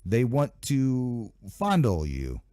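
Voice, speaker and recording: A man talking through news items in a loose, rambling way, his pitch leaping up and down as he mocks what he reads. His voice is low and mellow. The recording is close and dry, with no room sound. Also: huge pitch swings, slow, no echo. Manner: rambling, sarcastic asides, mock voices of officials. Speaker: channel host. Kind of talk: casual commentary on news headlines.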